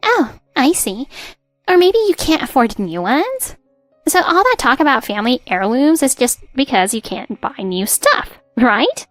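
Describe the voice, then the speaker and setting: Woman doing a haughty young daughter-in-law, high-pitched, lively sneering delivery, dismissive, faint music behind. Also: unhurried, no room sound. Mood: mocking. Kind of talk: narrated drama story.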